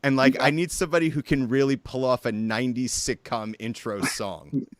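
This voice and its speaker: A man hosting a casual talk show, excitable and calling everyone dude. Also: medium pitch, normal speed, no echo, studio quality. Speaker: host. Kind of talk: casual chat.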